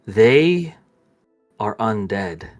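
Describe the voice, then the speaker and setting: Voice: mid-range voice, sing-song, very slow, a little mellow, faint music behind. A game master narrating a tabletop game dramatically and announcing turns.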